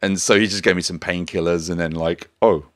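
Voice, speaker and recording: A man's voice: sits low, fast talker, dry recording, studio quality. A young man co-hosting a language-lesson podcast, telling stories animatedly and often laughing. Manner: animated storyteller, laughs often, acts out voices. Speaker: podcast co-host. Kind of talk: casual language-lesson chat.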